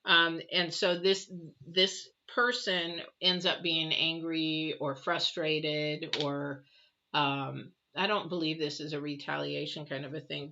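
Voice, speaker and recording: Bright-toned woman giving a rambling tarot reading. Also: fairly low pitch. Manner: rambling, conversational advice with many fillers. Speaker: tarot reader. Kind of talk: casual spoken tarot reading. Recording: dull lo-fi audio.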